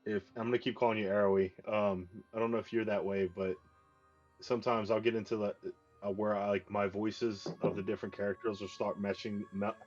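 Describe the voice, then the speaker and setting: A man's voice: on the low side, flat delivery, brisk, darkish tone, dull audio, faint music behind. A man playing a tabletop game, chatting casually in a rambling way with many fillers. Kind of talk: casual chat.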